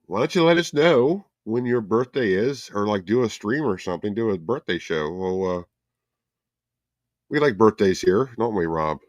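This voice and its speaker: A man's voice: on the low side, animated, moderate pace, dry recording, clean studio sound. A man co-hosting a casual podcast chat, joking around and laughing often. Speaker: co-host.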